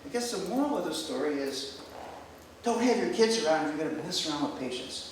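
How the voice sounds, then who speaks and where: A retired American doctor, now older, does an animated storytelling stand-up bit at a live venue, with laughter from the crowd behind him. He talks fast in a slightly high voice, captured from a distance with echo and slight background noise.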